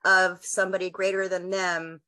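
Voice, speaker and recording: Bright-voiced woman host. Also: lowish voice, level tone, moderate pace. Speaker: interviewer host. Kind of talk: casual interview chat.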